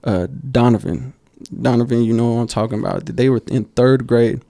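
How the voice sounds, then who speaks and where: A man co-hosting a basketball podcast, telling coaching stories in a casual, animated way and acting out quotes. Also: medium pitch, brisk, creaky, no echo, studio quality. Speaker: podcast co-host. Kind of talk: casual storytelling chat.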